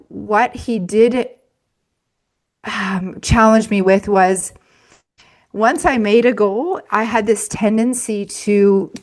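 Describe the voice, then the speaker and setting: A woman who works as a money mindset coach, a guest in an interview, telling a story in a chatty way with frequent laughs and fillers. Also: mid-range voice.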